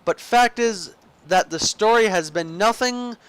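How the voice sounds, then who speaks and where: Young guy with a high voice, rambling through his own let's play narration, keeps tripping over words. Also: measured pace, smooth, dry recording. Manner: goofy, rambling, with slips and restarts. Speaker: gamer narrating a game. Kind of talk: let's play commentary, reading the game's narration aloud.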